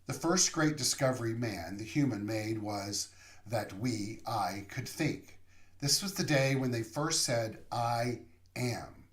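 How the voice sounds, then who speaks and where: Male minister, sermon; unhurried, measured delivery in a reverberant room, whispers the affirmations. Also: medium pitch. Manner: slow, deliberate, drops to a soft whisper for affirmations. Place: online service over video call.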